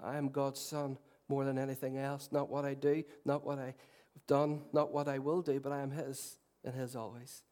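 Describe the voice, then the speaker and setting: A middle-aged man preaching a sermon, earnest and swinging between loud declarations and soft, tender passages, with self-deprecating humour. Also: medium pitch, flat delivery, normal speed, few pauses. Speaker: pastor.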